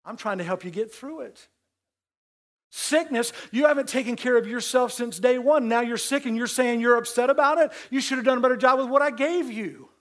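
Guy preaching a sermon, pretty high voice, chatty, keeps repeating stuff to drive it home. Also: a little fast, hardly any pauses, a bit bright. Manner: conversational preaching with emphatic repeats. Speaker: pastor.

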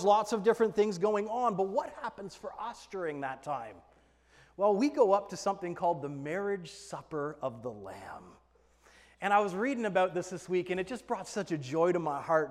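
High-voiced preacher man in a reverberant hall. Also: lively intonation, moderate pace. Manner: emphatic, swings between hushed and loud passages. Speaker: pastor. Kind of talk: sermon.

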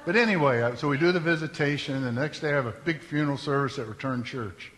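A man preaching a sermon, folksy and joking, dropping to hushed storytelling and then rising to loud exclamations. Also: mid-range voice, fast talker, long reverb tail. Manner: folksy, humorous asides. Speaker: pastor. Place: church sanctuary.

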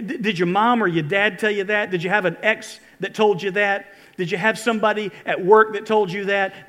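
A male pastor with a notably high voice preaches to his congregation. He tells scripture stories in an animated way and leans hard on the key moments. His delivery sounds like a live church sermon. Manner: animated storytelling, retelling scripture with lively emphasis. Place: church service before a congregation.

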